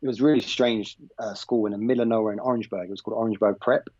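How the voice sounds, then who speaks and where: A man in his thirties with an English accent, a podcast guest telling a story in a relaxed, rambling way and acting out the dialogue. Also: on the low side, very fast, dry recording, muffled recording. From England. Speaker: podcast guest, former basketball player. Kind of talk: casual anecdotal storytelling.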